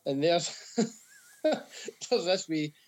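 A man's voice: on the high side, expressive, extremely slow. A Scottish man co-hosting a podcast, telling stories in casual chat. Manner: storytelling, chatty. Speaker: podcast co-host.

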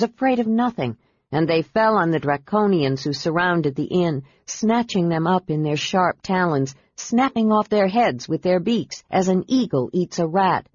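A woman reading a fantasy novel aloud as audiobook narrator, with a measured, steady delivery. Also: lowish voice, slightly rough, no echo. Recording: dull dry audiobook recording.

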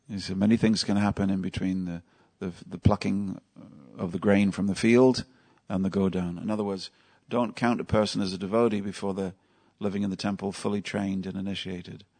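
This time his voice is low-pitched and dark, with a level tone, a fairly quick pace and few pauses. Teaching a devotional class at the temple, he tells stories in a relaxed way and questions the audience.

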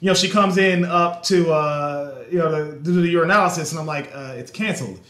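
Loud, profane young man hosting. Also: on the high side, steady tone, brisk, reverberant. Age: 20s. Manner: profane, loud, talks off the cuff. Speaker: host. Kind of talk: casual podcast chat.

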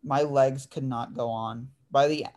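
Unhurried and steady, a man's medium-pitched, slightly mellow voice carries a laid-back story on his podcast. He's in his twenties and leans heavily on "like" and "dude."

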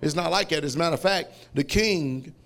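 Brief: high-pitched male preacher, animated sermon delivery, frequent shouting. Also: brisk. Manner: loud, shouting, laughing, animated storytelling. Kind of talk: fiery sermon.

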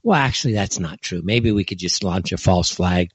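A man hosting an online opinion show, talking in a heated, scornful way, with his voice jumping high when he is indignant. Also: normal speed, breathy edge, dry recording. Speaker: political commentary host. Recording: dull lo-fi dry recording.

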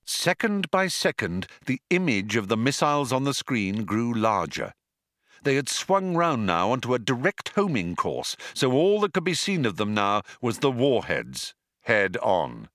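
A man narrating an audiobook in a dry, measured storytelling style. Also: medium pitch, wildly swooping pitch, fairly bright tone, no echo. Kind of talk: scripted narration.

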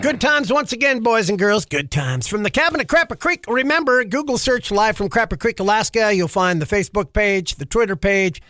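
Man, podcast host, very high voice, bright and forceful, wisecracking comedic monologue. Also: animated, brisk, hardly any pauses. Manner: wisecracking, grumbling about pet peeves.

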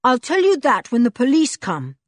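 A woman voicing a bold, quick-witted teenage boy who challenges a villain in an audiobook. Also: high-pitched, very animated, dry recording, pitched above the performer's own voice, full character voice.

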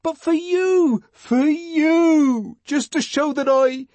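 A man's voice: very high voice, slow, darkish tone, dry recording, pitched above the performer's own voice. A man voicing a desperate, lovesick young man in an audiobook, pleading in strained poetic outbursts. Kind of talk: audiobook character voice.

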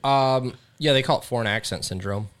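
A mid-pitched man hosting a podcast in loose, casual chat. He rambles and leans on fillers as he goes. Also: a little fast, a bit bright. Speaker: podcast host.

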